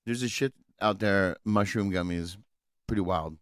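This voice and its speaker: A man's voice: sits low, moderate pace, clear, resonant tone, dry recording, studio quality. A young man co-hosting a podcast in casual chat, laid-back and swearing freely as he laughs along. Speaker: podcast co-host.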